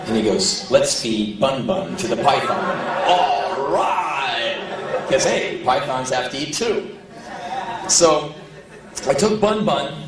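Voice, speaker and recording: A man telling a story on stage in an animated, profane way, chuckling as he goes. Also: fairly high pitch, recorded from a distance. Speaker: spoken-word performer. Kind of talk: live comic storytelling. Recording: echoey live hall, voice heard from afar.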